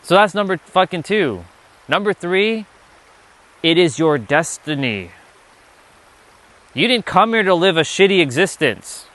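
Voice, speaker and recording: A man's voice: high-pitched, sing-song, unhurried, pauses often, a bit bright. A man giving a motivational livestream talk, emphatic and profane, often repeating himself. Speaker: livestream speaker.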